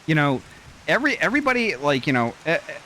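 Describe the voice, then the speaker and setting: A man's voice: fairly high pitch, sing-song, fast talker, sharp tone, a little hiss or hum. A man streaming a game and chatting casually, rambling with many fillers and restarts. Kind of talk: casual chat while gaming.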